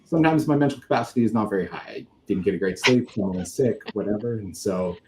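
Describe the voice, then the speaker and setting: A man in his thirties, a guest in a casual interview, talking in a relaxed, rambling way full of filler words. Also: fairly low pitch, quick pace, slight background noise.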